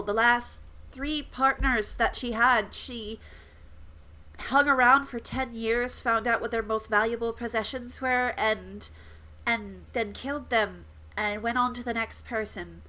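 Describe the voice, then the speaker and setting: A woman tabletop player chatting casually in an excited, loose way. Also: fairly high pitch. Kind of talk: casual chat.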